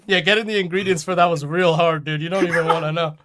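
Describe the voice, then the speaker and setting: A man's voice: fairly high pitch, fairly even intonation, quick pace, heavy background noise. A man hosting a live stream podcast, chatting casually and crudely with friends while sick with a cold. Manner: crude, joking, swears a lot.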